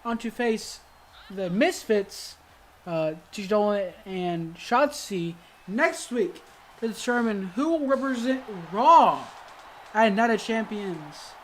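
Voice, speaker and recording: Speaking slowly in a medium pitch, a female gaming video host calls the action in a wrestling video game, letting out sudden excited exclamations while stumbling over fillers and fixing her own words. Slight background noise sits under her voice.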